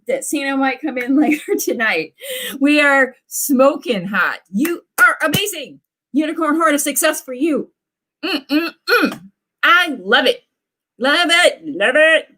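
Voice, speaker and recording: A woman's voice: high-pitched, lively intonation, unhurried, pushed and bright. Bubbly chatty woman author streaming. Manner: bubbly, gushing, chatty with viewers. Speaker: author hosting live writing sprints. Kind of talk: casual livestream chat.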